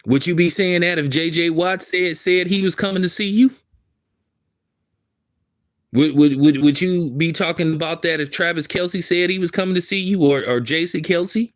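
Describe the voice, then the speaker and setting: A man's voice: on the high side, moderate pace. A man giving emphatic, casual commentary, repeating himself for stress in street slang. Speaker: commentary host. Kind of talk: opinionated commentary.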